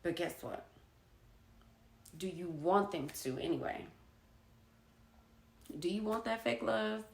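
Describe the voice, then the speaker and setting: A woman's voice: fairly low pitch, slow, vocal fry, roomy sound. A woman talking candidly and emotionally about her life, blunt and swearing freely. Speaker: vlogger. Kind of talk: candid personal monologue.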